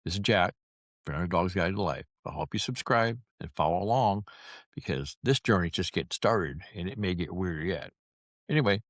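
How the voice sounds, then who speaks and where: A man's voice: sits low, expressive, moderate pace, fairly bright tone, no room sound, studio quality. A man in his sixties telling stories to camera with wry, folksy, self-mocking humor. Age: 60s. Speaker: vlogger. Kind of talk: casual storytelling to camera.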